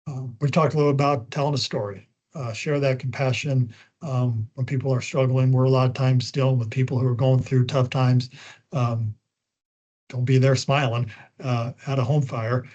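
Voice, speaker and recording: A man giving spokesperson training on a video call, talking quickly once he gets going, with frequent ums and uhs. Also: medium pitch, mellow. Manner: talks fast when he gets going. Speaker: media trainer. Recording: dull lo-fi call audio.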